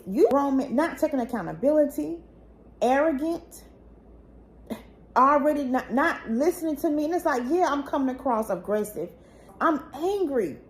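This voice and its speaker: A woman's voice: on the high side, darkish tone. A young woman tells her own story to camera. She sounds hurt and indignant, and her voice climbs as her anger builds. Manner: heated, indignant, rising to near tears. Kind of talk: emotional personal storytelling.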